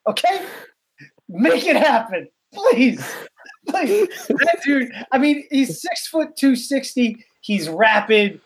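A man's voice: very high-pitched, very animated, slow. A man co-hosting a casual podcast, rambling and opinionated with a joking edge. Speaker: podcast co-host.

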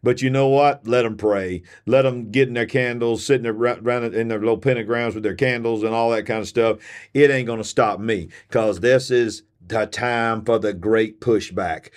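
A preacher and show host with a medium-pitched, steady voice speaks at a moderate pace in a sermon-style podcast. He's fiery and emphatic, hammering points through repetition. He sounds tired but keeps driving on like a preacher in full flow.

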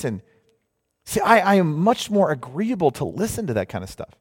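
Animated high-voiced preacher in a hall. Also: male voice, fairly quick, slightly rough. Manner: animated, mocking voices in quotes. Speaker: pastor. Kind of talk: sermon. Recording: long hall reverb.

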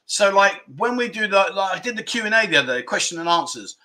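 Fast and sing-song, this high, bright, forceful voice belongs to an English livestream host. At home indoors, he chats casually and reads out viewer comments, rambling and putting himself down.

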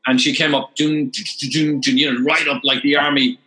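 An older Irish man in his sixties telling stories as a guest in an interview. His voice is bright and fairly high for a man, and he talks in an animated way, stumbling over repeated words when he gets excited. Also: brisk, poor audio. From Ireland. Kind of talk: storytelling interview.

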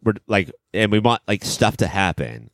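A man hosting a casual movie podcast, talking in quick bursts with lots of fillers. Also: on the low side, no room sound, clean studio sound. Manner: animated, talks in quick bursts with many fillers. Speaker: podcast host.

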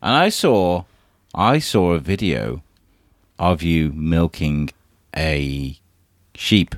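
A man's voice: low voice, animated, very slow, no echo, clean studio sound. A man hosting a casual chat with his young son, teasing and encouraging him and chuckling often. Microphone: handheld microphone passed to child.

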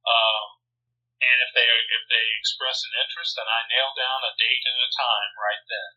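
A man's voice: medium pitch, little pitch movement, normal speed, husky. A man, a church minister, explaining outreach in a casual interview, earnest and explanatory with many fillers, over a lo-fi phone line.

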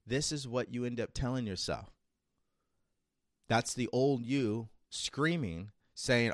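A self-improvement podcast host with a mid-range voice delivers an emphatic motivational monologue packed with rhetorical questions, speaking slowly and pausing often. He acts out a nagging inner voice. The recording is dry, with clean studio sound.

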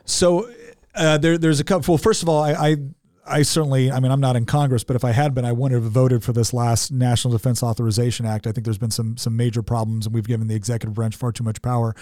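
A man's voice: medium pitch, steady tone, fast talker, warm tone, dry recording, studio quality. A man co-hosting a political commentary show, talking emphatically and restarting his sentences often. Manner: emphatic, exasperated, with frequent restarts. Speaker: co-host.

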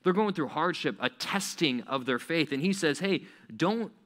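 A man's voice: fairly high pitch, animated, normal speed, fairly bright tone. A man, a pastor, giving a casual, conversational sermon full of rhetorical questions.

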